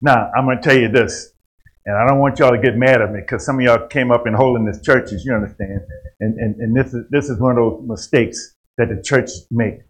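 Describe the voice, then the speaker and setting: A man preaching a sermon, rising to loud emphatic passages and dropping to quiet asides. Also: mid-range voice, fairly even intonation, a little fast, rough recording.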